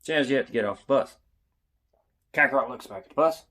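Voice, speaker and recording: A young man casually telling a funny story, animated and yelling out the lines he quotes. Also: medium pitch, brisk.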